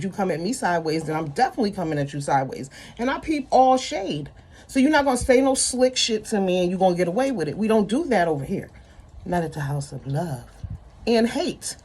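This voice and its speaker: A woman's voice: lowish voice, a little mellow, breathy edge. A woman ranting bluntly to her viewers in an unscripted vlog, with heavy profanity, emphatic repetition. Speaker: vlogger.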